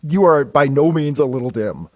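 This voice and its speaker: Animated, lively-voiced man on a podcast. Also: fairly high pitch, normal speed, no room sound. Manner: animated, rambling, swears freely. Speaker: podcast co-host discussing comics. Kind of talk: casual chat.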